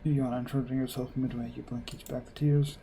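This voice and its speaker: A man reading a visual novel aloud and adding wry, deadpan asides. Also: medium pitch, a little fast, vocal fry, a little hiss or hum, poor audio. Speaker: gamer playing a visual novel.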